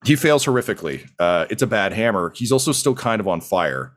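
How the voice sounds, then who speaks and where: A man's voice: fairly low pitch, big pitch swings, fairly quick, over music. A man narrating as game master, in a casual, rambling way full of fillers.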